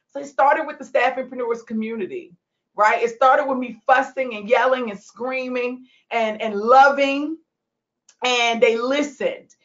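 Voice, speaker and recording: A woman's voice: fairly high pitch, normal speed, a bit bright, lo-fi sound. A woman coaching recruitment business owners, talking passionately and emotionally on a recorded call. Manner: passionate, preachy, laughs and tears up. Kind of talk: emotional motivational call replay.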